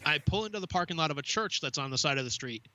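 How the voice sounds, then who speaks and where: Bright-voiced man telling a story. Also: fairly high pitch, animated, rapid-fire. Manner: swears freely, storytelling with quoted asides. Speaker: podcast co-host. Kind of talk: casual podcast chat.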